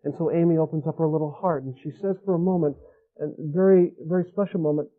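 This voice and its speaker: A man with a somewhat high voice delivers an earnest sermon to fathers. He urges and repeats his key lines. The sound is thin and tinny, like audio from an old phone line. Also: steady tone, quick pace. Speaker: speaker teaching fathers.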